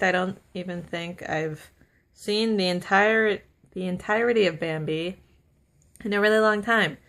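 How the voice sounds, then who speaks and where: A woman's voice: medium pitch, fairly bright tone. A young woman vlogger chatting casually to the camera, gushing with enthusiasm, laughing often and stringing ideas together with lots of fillers. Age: young adult. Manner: chatty with many fillers and run-on sentences.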